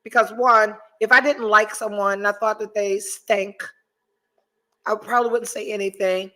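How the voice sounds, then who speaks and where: A woman's voice: mid-range voice, steady tone, moderate pace, sharp tone. A woman hosting a podcast, chatting casually and telling a story full of profanity while she reads out comments from viewers. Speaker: podcast host. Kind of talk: casual chat with live chat readers.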